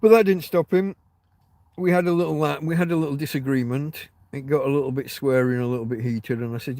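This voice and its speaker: A man's voice: a little high, fairly even intonation, a little fast, a little mellow, dry recording. A man hosting a casual livestream chat, telling rambling, wry stories with plenty of swearing, recorded outdoors. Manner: rambling, profane, wry storytelling. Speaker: livestream host. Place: outdoors on private land.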